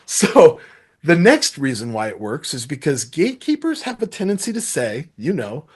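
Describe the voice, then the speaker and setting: A middle-aged man giving a sales masterclass, energetic and acting out sample phone calls as he teaches. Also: mid-range voice, moderate pace, husky. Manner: energetic, acts out calls and quotes. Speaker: sales trainer. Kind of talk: masterclass talk.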